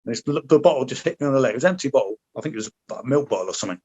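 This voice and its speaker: A man's voice: medium pitch, expressive, racing, mellow, breathy edge. A middle-aged man, a former soldier, telling war stories in casual chat, blunt and full of swearing as he acts out what people said. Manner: blunt, heavy swearing, acts out quoted lines. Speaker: podcast guest, former soldier. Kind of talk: casual storytelling. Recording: slightly dull lo-fi audio.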